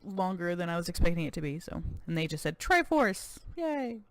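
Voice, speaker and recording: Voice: medium pitch, little pitch movement, no room sound. Chatty let's-play host, dry sound. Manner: chatty, self-deprecating, quick asides. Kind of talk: casual let's-play commentary.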